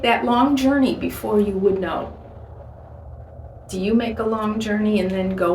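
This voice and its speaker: A woman's voice: medium pitch, a little slow, long pauses, a little mellow. A woman giving a short devotional talk, earnest and storytelling. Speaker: devotional speaker. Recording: echoey room, voice from a distance, faint hiss.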